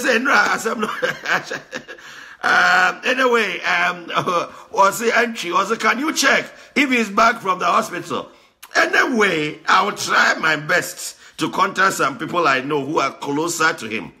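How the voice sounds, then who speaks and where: A man with a Ghanaian accent giving lively, repetitive casual commentary, slipping between Pidgin and Twi. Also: sits high.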